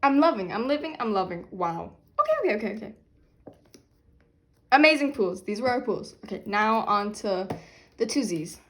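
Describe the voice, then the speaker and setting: A young woman filming an unboxing vlog, talking loudly and dramatically, laughing and half-crying over what she gets. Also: on the high side, big pitch swings, normal speed, a little hiss or hum. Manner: loud, chaotic, dramatic reactions with laughing and fake crying. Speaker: vlogger unboxing albums.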